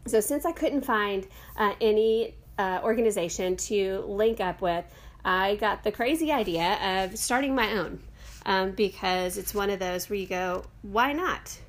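A woman's voice: mid-range voice, measured pace. A middle-aged woman, a yoga teacher, hosting a podcast in a casual, rambling monologue full of fillers and self-corrections.

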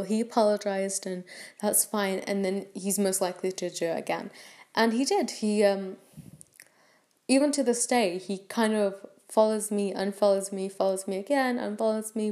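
A woman's voice: mid-range voice, mellow. A young woman hosting a podcast, telling a personal story in a chatty way with many fillers and restarts. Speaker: podcast host. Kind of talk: casual storytelling.

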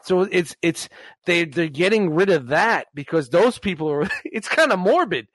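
Brief: man in his 40s, lively storyteller, slightly high voice, dry close sound. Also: moderate pace, no room sound. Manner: animated storytelling, laughs and swears often. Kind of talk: casual chat.

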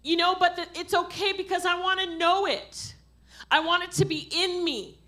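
A middle-aged woman preaching a sermon, impassioned, swinging from quiet asides to loud exhortation. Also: very high-pitched, fairly even intonation, moderate pace. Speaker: pastor.

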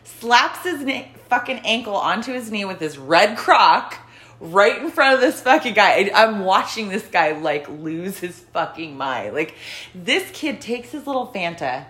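A woman co-hosting a casual podcast, telling bus-driving stories in an animated way, laughing often and acting out quotes. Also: medium pitch, a little slow. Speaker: podcast co-host, bus driver. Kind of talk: casual storytelling chat.

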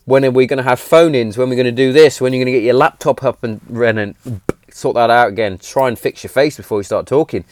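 He talks fast, medium in pitch with a darkish tone and no room sound. Recording his podcast in a home shed, this man in his thirties rambles earnestly and emphatically through a casual, heartfelt monologue, cursing freely.

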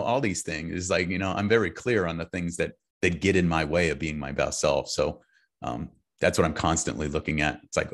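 A man talking as a guest author in a casual heartfelt conversation, upbeat and enthusiastic with easygoing slang. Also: low-pitched.

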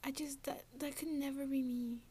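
Smug sing-song "not like other girls" girl, as a woman mocks her, higher, half whispered. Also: steady tone, moderate pace, mellow, lightly acted. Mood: mocking.

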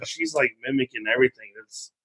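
A man's voice: medium pitch, fast, a crowd in the background, low-quality recording. A young man, a father, telling home stories in casual chat and laughing often. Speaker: podcast co-host, father.

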